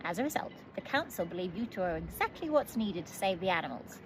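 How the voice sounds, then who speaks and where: A woman's voice: fairly low pitch, big pitch swings, quick pace, slight background noise. A woman voicing a fussy, polite male talking chicken-bird in a storybook reading, formal and courteous with clucks.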